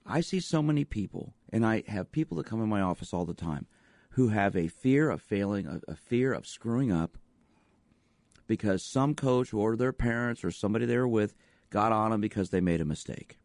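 A man's voice: on the low side, lively intonation, moderate pace, darkish tone, no room sound. A man hosting a radio show as a sports psychologist, talking in an emphatic way with repeated rhetorical questions. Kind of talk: radio talk monologue.

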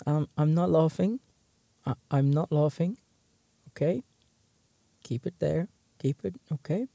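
A man's voice: fairly high pitch, measured pace, creaky, warm tone, no echo. A man hosting his own show, reading out jokes one by one and trying hard not to laugh, muttering and stifling giggles between them. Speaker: host.

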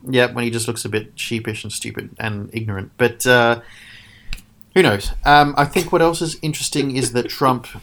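A man's voice: mid-range voice, fairly even intonation, normal speed, a bit bright. A man co-hosting a casual chat, ranting sarcastically and swearing. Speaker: podcast co-host.

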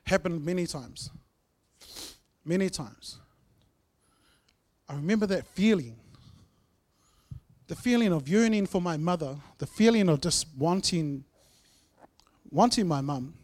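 A man sharing his personal testimony in church, telling his story earnestly, with swings between loud and soft. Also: high voice, expressive, a little slow, pauses often. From New Zealand. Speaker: guest speaker sharing testimony.

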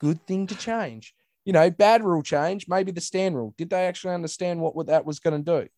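Casting note: Australian bloke, blunt sweary ranter, dry close-mic sound. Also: male voice, sits high, a little fast, a little mellow, no echo. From Western Australia. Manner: ranting, blunt and sweary, mimics people in raised voices. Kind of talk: casual chat.

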